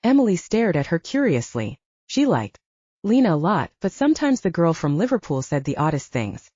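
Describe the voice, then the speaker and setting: A woman narrating a romantic mystery audiobook with steady storytelling. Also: on the low side, moderate pace, slightly rough, no room sound, muffled recording.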